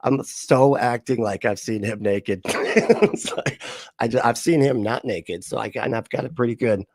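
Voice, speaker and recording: Medium in pitch, with vocal fry and a darkish tone, this man speaks unhurriedly while hosting a video-reaction livestream. The chat is casual and profane, full of rambling, jokes, cursing, and laughter. It's a dry recording with clean studio sound.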